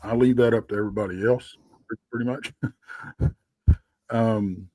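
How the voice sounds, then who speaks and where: A man with a Texan accent, telling a story as a guest, rambling and halting with lots of fillers. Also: fairly low pitch, fairly even intonation, warm tone, no room sound. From Texas. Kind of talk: casual storytelling.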